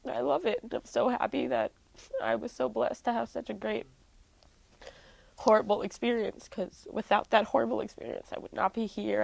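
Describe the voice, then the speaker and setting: A woman's voice: on the high side, gravelly, a little mellow, no echo, low-quality recording. A young woman musician telling a personal family story in an interview, candid and full of "like" fillers. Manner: heavy use of "like" fillers, candid.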